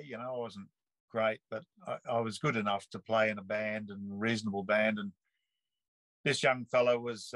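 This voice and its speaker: A man, telling a personal story in a relaxed, rambling way full of earthy slang and restarts. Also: on the low side, no echo, poor audio. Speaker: interview guest. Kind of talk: casual storytelling.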